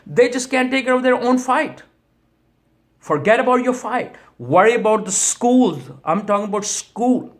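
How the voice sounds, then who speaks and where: A man, a church minister, giving an impassioned video message that pleads with repeated rhetorical questions and closes in prayer. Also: high voice.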